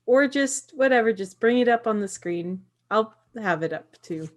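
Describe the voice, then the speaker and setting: A woman's voice: a little high, expressive, moderate pace. A woman running a tabletop game on a livestream, upbeat and guiding the others. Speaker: game organizer.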